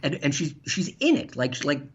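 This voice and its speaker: A man's voice: fairly high pitch, moderate pace, breathy edge. A man telling funny stories on a podcast as a guest, laughing as he goes. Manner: animated, laughs while telling anecdotes. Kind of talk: casual storytelling. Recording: dull lo-fi sound.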